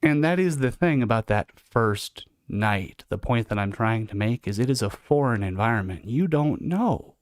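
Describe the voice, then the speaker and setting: A man tells stories to his livestream viewers in a relaxed, conversational way. His voice sits at an average pitch for a man. The sound is dry and close, with no room echo. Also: moderate pace, hardly any pauses. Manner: conversational and reflective. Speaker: livestream host recounting incarceration. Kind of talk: casual storytelling monologue.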